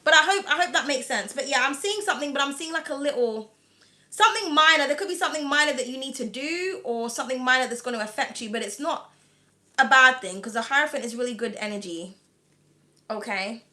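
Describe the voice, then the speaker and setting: A woman's voice: high voice, quick pace, sharp tone. Chatty British woman, slightly whiny. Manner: chatty and rambling, full of "like" and "um", laughs often. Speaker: tarot reader. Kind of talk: live-stream tarot reading and chat.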